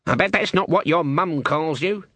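A man voicing a stern, sharp-tongued old witch woman with a mocking, bossy manner. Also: a little high, normal speed, husky, dry recording, pitched above the performer's own voice. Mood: scornful.

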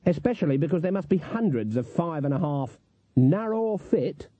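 A man playing a stern, shrewd old witch who speaks bluntly and drily, stating things flat. The voice is dark and husky, and the storybook recording is dry and slightly muffled. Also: fairly high pitch, moderate pace, no echo, voice pushed up. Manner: dry, blunt, matter-of-fact.

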